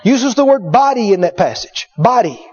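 A man's voice: very high voice, big pitch swings, moderate pace, a little mellow, husky. A middle-aged male preacher telling a story in a sermon, repeating words for emphasis. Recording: dull lo-fi recording.

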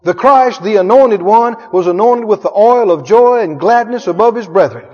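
A man's voice: high-pitched, lively intonation, normal speed, darkish tone. A male pastor preaching with emphatic call-and-response and frequent chuckles. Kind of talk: sermon. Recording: echoey hall, dull sound.

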